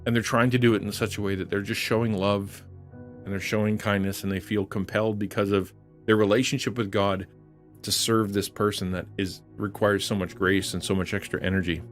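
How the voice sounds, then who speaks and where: A man's voice: on the low side, level tone, brisk, soft background music. A man preaching earnestly on a livestream, repeating phrases for emphasis. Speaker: online pastor. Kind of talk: livestream sermon.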